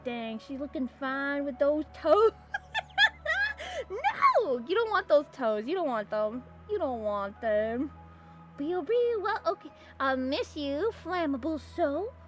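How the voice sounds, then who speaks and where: A high-pitched, slow-speaking young woman from California rambles and giggles with her viewers while drawing on stream, now and then breaking into excited squeals. The highs in the recording are cut off, and there's faint background music.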